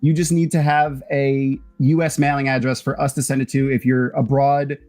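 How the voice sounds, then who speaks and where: A man's voice: medium pitch, little pitch movement, normal speed, a little mellow, faint music behind. A man hosting a casual charity livestream, chatty and often laughing. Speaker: livestream host.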